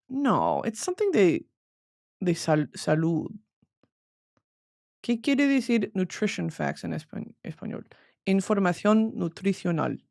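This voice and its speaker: A woman's voice: fairly low pitch, darkish tone. A young woman with a Southern US accent hosting a casual solo podcast chat, rambling and swearing through flustered outbursts. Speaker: podcast host.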